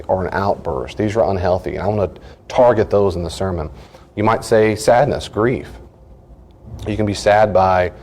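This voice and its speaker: A middle-aged pastor with a very low voice teaches in a relaxed, conversational way. He tells earnest stories and briefly acts out what other people said. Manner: earnest storytelling, acts out short quoted lines.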